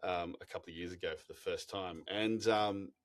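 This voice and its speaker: An Australian man with a lowish voice tells travel stories in a relaxed interview. He talks in animated bursts, stumbling over restarts and breaking into laughter as he goes. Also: moderate pace. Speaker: expedition company founder, guest. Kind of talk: casual storytelling interview.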